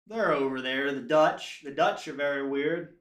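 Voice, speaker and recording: This American streamer has a fairly high, fairly bright voice and talks at an ordinary speed. He chats loosely with his audience, wandering off on tangent after tangent, with a roomy echo around him.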